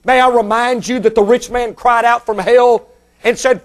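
A man preaching a sermon who speaks straight to his listeners, repeats phrases for emphasis and builds to shouts on key points. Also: very high-pitched, fairly even intonation, moderate pace.

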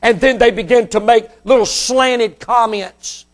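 A man preaching a sermon who speaks straight to his listeners, repeats phrases for emphasis and builds to shouts on key points. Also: very high voice, unhurried, hardly any pauses.

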